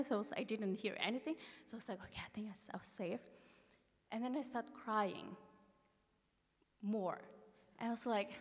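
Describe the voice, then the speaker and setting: A woman from Indonesia, telling a personal story on stage in lively, halting English full of restarts. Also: fairly high pitch. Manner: animated, halting non-native English with many restarts. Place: live event venue. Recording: live venue with long reverb.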